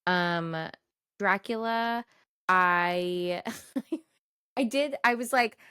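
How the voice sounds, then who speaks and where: A woman's voice: mid-range voice, drawn-out words, sharp tone, clean tone, dry recording, studio quality. A woman co-hosting a podcast in casual chat, rambling and giggly with lots of fillers. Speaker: podcast co-host.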